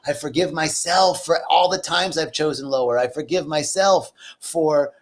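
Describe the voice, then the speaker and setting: A man's voice: a little high, normal speed, hardly any pauses. A middle-aged man giving a talk on acceptance as a spiritual teacher, earnest and repetitive, his voice leaping up for emphasis.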